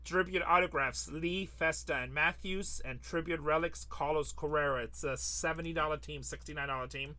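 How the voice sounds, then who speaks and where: A man with a bright, forceful, somewhat high voice hosts a live card-break stream. He talks in a quick selling patter, reads off long lists, and teases his buyers. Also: steady tone. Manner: joking, teasing, rattles off lists. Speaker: sports card break host.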